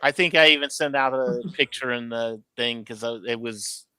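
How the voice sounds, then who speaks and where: A man's voice: mid-range voice, normal speed, pushed and bright, smooth, no echo. A man co-hosting a casual fan review chat, chatty and rambling, laughing often. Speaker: podcast co-host.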